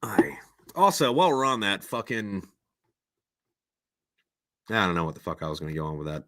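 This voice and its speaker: A man hosts a livestream on his own, rambling loosely and swearing almost every other word, sometimes working himself up into a loud rant. His voice has a bright, sharp edge, and the sound is dry and close with no room behind it. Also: sits low, expressive, brisk, no echo. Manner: rambling, heavily profane, swears constantly; gets loud and ranting when worked up. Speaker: podcast host. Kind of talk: casual livestream chat.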